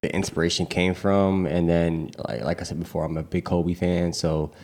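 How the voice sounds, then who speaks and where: A man's voice: deep voice, little pitch movement, normal speed, darkish tone. A man in his twenties, a guest who owns an apparel company, talking in a laid-back way and repeating short phrases. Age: 20s. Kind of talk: casual podcast chat.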